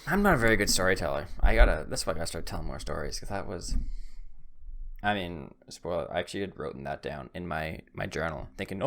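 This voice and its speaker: A man's voice: low-pitched, expressive, fast, a bit bright. A young man hosting a podcast, telling a story casually with self-deprecating humor and acting out both sides of a conversation. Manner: self-deprecating, acts out both sides of the exchange, stumbles and restarts. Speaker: podcast host.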